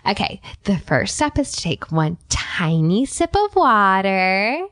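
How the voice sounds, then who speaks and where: A woman co-hosting a scripted comedy podcast, delivering absurd lines in a deadpan, playful way. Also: mid-range voice, slow, dry recording, studio quality. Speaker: podcast co-host.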